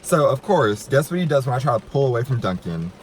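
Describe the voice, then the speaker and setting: Young male vlogger, mid-pitched, gossipy and animated, lots of "like.". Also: fast. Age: 20s. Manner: chatty, dramatic, lots of "like". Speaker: YouTuber. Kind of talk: storytime vlog. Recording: noisy room.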